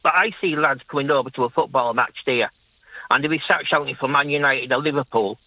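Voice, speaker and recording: A man's voice: mid-range voice, fairly quick, no echo. Older caller, man in his sixties, Leeds-flavored Irish accent, chatty and repetitive, tinny phone sound with a dry feel. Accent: Leeds-tinged Irish. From Ireland. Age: 60s. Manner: chatty, rambling, repeats himself. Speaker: caller, taxi driver. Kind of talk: phone-in radio chat.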